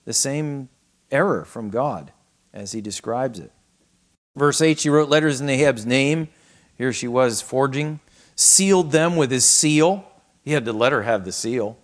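A man preaching a sermon on a scripture passage, acting out the quoted lines and swinging from raised to hushed delivery. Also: mid-range voice. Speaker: pastor. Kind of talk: expository sermon.

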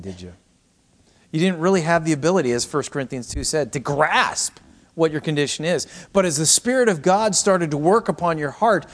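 Middle-aged male pastor with a slightly high voice; dramatic sermon delivery, loud calls traded for hushed asides. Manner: dramatic preaching, swinging from raised cries to hushed near-whispers.

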